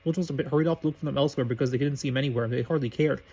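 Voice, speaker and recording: A man reading a story aloud briskly, with slips and restarts. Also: medium pitch, a little mellow, slightly rough. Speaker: reader of fan fiction.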